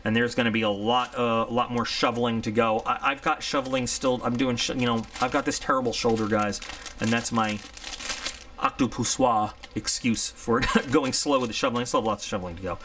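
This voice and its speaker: Bright-voiced chatty man reviewing gear. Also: medium pitch, fairly even intonation, fairly quick. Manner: chatty, rambling, candid. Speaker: product reviewer. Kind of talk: casual unboxing review.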